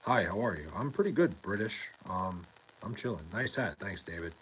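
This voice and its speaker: A man's voice: low-pitched, moderate pace, pushed and bright, a little hiss or hum, rough recording. A young man hosting a livestream, rambling casually, swearing often and answering chat by name. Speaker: livestream host reading chat. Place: home in New York.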